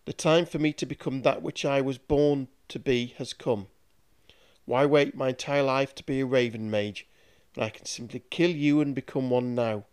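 A man's voice: medium pitch, steady tone, moderate pace, clear, resonant tone, natural voice. Cruel scheming warlock master, gloating and menacing, read by a male narrator.

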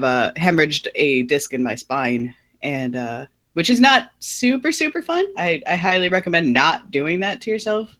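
A woman podcast co-host with a deep but slightly bright voice tells a personal story in casual chat. She's chatty and self-mocking, laughing frequently.

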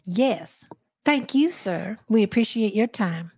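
A woman's voice: mid-range voice, animated, takes it slowly, darkish tone, slightly rough, heavily acted. A woman voicing a friendly older Southern woman with a Texan drawl, polite and upbeat.

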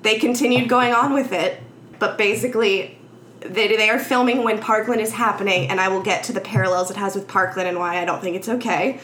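A woman's voice: medium pitch, fairly even intonation, brisk, fairly bright tone, roomy sound. A woman tells a film's story to her friends in easy, chatty talk, slipping into each character's lines as she goes. Her voice sits mid-range, and it rings a little in the room. A faint hiss of background noise runs behind her. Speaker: podcast host recapping a film. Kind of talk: casual chat.

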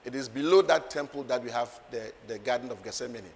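A man's voice: medium pitch, fast, vocal fry. Emphatic preacher man in a reverberant hall. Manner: emphatic, swings from soft asides to loud declarations, laughs often. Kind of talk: sermon. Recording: long hall reverb, faint ambient noise.

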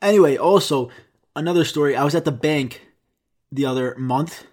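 A young American man talks straight to his viewers in a loose, rambling monologue. He swears freely and jokes at his own expense. His voice sits a little higher than most men's. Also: moderate pace, a little mellow. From United States. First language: Greek. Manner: rambling, profane, self-mocking. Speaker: vlogger. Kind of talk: casual storytelling monologue.

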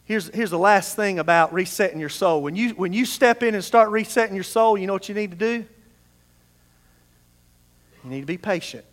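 A male pastor preaching a sermon, swinging between hushed passages and raised, emphatic calls. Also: high voice. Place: church sanctuary. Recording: long hall reverb in a church.

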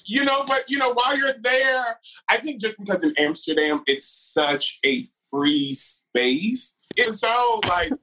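Animated, laughing drag performer on a podcast. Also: male voice, very high-pitched, measured pace, gravelly, rough recording. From California. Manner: animated storyteller, laughs often, calls listeners "girl". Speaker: podcast guest. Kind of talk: casual chat.

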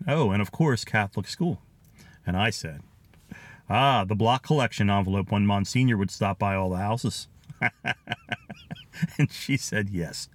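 A man's voice: fairly low pitch, no room sound. Nostalgic Philadelphia man, dry sound. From Philadelphia area, USA. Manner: chatty and nostalgic, chuckling often. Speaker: podcast host. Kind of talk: casual storytelling, reading out listener comments.

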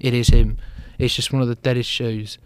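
A man's voice: medium pitch, flat delivery, moderate pace, a little mellow, smooth, no room sound. A man co-hosting a casual sports podcast, blunt and opinionated, laughing easily.

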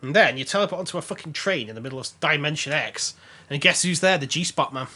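A man's voice: on the high side, fast, sharp tone, slight background noise. A man hosting a podcast in casual chat, laughing often and swearing freely with a sarcastic edge. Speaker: podcast host.

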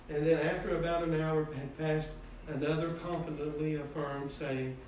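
A male preacher delivering a sermon, his voice high for a man and climbing into earnest, pleading fervor as he repeats "amen." He sounds set back from the mic, with heavy room echo around every word and a faint noise floor underneath. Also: flat delivery, moderate pace, few pauses, a little mellow. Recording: echoey distant room sound.

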